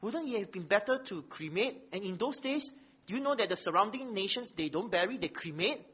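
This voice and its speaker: A man's voice: high-pitched, expressive, a little fast, fairly bright tone, slightly rough. A man preaching a sermon, reading scripture aloud and asking the listeners rhetorical questions with emphasis.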